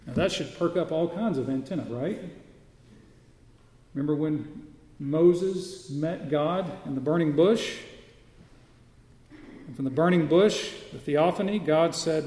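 A man preaching in a large, echoey hall, his voice a little high and mellow. He teaches as he goes and turns to the congregation with questions. The sound rings off the walls with a long reverb. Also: measured pace, long pauses, slight background noise. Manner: teaching, asks the listeners questions. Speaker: pastor. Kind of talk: sermon.

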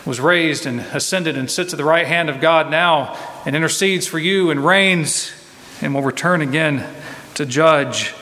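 Emphatic preacher in a reverberant hall. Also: male voice, a little high, pushed and bright. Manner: emphatic preaching with repeated rising refrains. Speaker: pastor. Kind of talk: sermon.

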